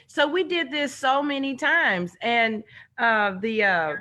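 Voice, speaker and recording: Bright-voiced woman telling lively stories. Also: fairly high pitch, a little slow. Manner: animated storyteller, acts out quoted voices. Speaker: guest. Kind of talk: casual storytelling in a video chat. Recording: dull lo-fi online stream audio.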